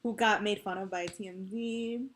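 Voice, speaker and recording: A woman's voice: medium pitch, steady tone, moderate pace, a bit bright, a little hiss or hum. A woman co-hosting a podcast in casual chat, rambling and giggly, leaning on "like" a lot. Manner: rambling, heavy use of "like", giggly. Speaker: podcast co-host.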